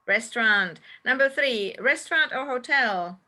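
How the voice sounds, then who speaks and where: Woman, English teacher, patient, repeats answers, slightly high voice. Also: animated, measured pace, sharp tone. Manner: patient, checks answers one by one and repeats them. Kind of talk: classroom instruction.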